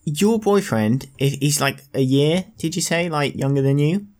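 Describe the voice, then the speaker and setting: A man's voice: a little high, moderate pace, darkish tone. A young man in casual chat, rambling earnestly and trailing off into odd theories.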